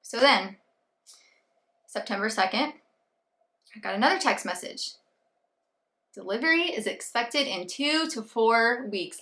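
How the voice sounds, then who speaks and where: Bright-voiced, animated woman vlogger. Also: fairly high pitch, a little slow, long pauses. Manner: animated, acts out her own thoughts and quoted people. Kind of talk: casual storytelling vlog.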